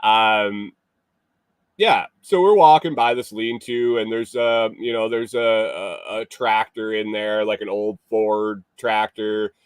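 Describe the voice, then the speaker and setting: A low-voiced man, acting as a show host, tells a casual story that rambles and circles back with fillers and restarts. His tone is slow, clear and resonant, and the recording is dry and close.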